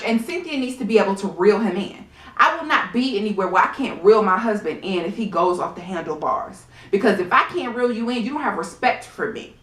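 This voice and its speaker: A woman giving a casual, sassy TV episode review in a blunt, animated way, often laughing. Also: mid-range voice. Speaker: reality TV recap vlogger. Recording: echoey room.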